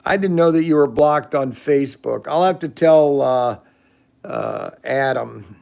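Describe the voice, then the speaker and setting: A man's voice: medium pitch, measured pace, creaky, a little mellow. A middle-aged man hosting a casual livestream from a shed, rambling as he answers viewers' comments. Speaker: livestream host.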